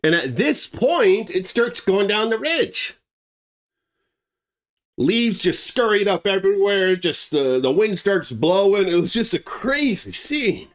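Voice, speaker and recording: A man's voice: sits high, big pitch swings, takes it slowly, fairly bright tone. A man telling a true wildlife attack story in a blunt, emphatic, conversational way. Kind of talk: dramatic true-story narration.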